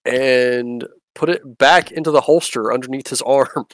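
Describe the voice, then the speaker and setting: A game master narrating a tabletop game in an unhurried, hesitant way, with many fillers. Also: mid-range voice, fairly even intonation, no room sound.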